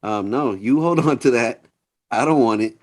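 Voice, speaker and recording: A man co-hosting a podcast who talks in a relaxed way, with casual swearing and restarts. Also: mid-range voice, moderate pace. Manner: relaxed, swears freely, repeats himself. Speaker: podcast co-host. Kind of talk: casual chat.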